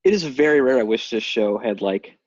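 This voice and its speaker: A male podcast co-host with a rough, raspy voice who talks fast. He jokes drily and scatters "like" through his sentences. The sound is dull and lo-fi, dry and close. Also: mid-range voice, lively intonation, dry recording. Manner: filler-heavy, dry humor. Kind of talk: casual podcast chat.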